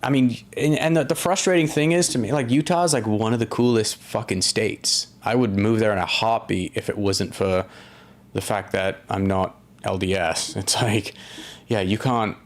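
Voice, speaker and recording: A man's voice: lowish voice, normal speed. A man hosting a casual live-stream chat, rambling through viewer comments with lots of fillers, restarts and swearing. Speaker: podcast host reading viewer comments.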